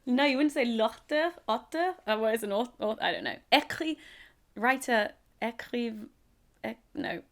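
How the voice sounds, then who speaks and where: Young English woman, casual vlogger, giggly, self-mocking, slightly high voice. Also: animated, moderate pace. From England. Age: 20s. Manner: chatty, giggly, self-deprecating. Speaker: YouTuber. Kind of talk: casual chat to camera.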